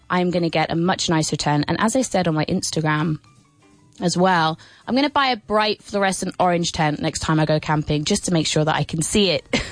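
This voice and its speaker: Her voice sits on the low side as this English teacher hosts a radio lesson from the studio. Playful and full of laughter, she exaggerates a sing-song intonation whenever she asks a question, and the recording has no room sound.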